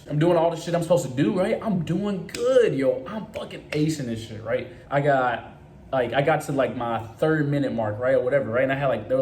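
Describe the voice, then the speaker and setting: A young man tells a story quickly and casually. He swears freely and keeps adding "right?" to his lines. The room echoes, and faint noise sits under his voice. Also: mid-range voice, darkish tone. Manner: profane, frequent "right?" tags. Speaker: vlogger. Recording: roomy echo, faint noise.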